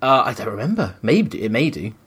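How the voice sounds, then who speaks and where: A man's voice: medium pitch, big pitch swings, brisk, a bit bright, slightly rough. A man telling a long anecdote in casual chat as a podcast co-host, rambling with restarts and putting on voices for the people in the story.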